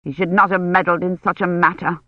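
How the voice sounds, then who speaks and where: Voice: medium pitch, level tone, fairly quick, no echo, lo-fi sound, close to an everyday voice. A reader voicing a stern, disapproving old medieval noblewoman who speaks curtly and scolds. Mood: scornful. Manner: curt, scolding. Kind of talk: audiobook character voice.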